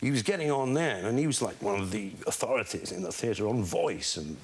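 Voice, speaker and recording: A man's voice: on the low side, animated, a little fast. An older man in a documentary interview, telling a drama school story and imitating the people he quotes.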